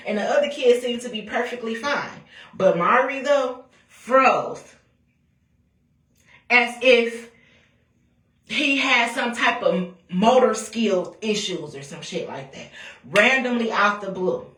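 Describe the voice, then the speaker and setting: A woman telling a story about her own family, talking bluntly with lots of swearing and animated retelling. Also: a little high, measured pace. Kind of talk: casual storytime rant. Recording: echoey room, voice a bit far from mic.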